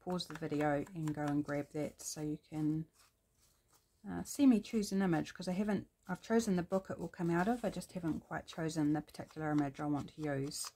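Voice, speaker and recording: A woman's voice: sits low, fairly even intonation, brisk, mellow. A middle-aged woman with a New Zealand accent talks through a collage craft project in a rambling, chatty way, thinking aloud with frequent ums. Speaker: craft vlogger. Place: home craft desk.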